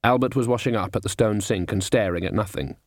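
A man narrating a comic fantasy audiobook in a wry, even delivery. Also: lowish voice, fast, dry recording, studio quality. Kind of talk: storybook narration.

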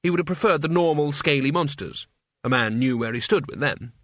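A man narrating a story aloud in an expressive, wry reading. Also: fairly high pitch, a little fast, no echo, clean studio sound. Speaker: audiobook reader. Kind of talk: scripted narration.

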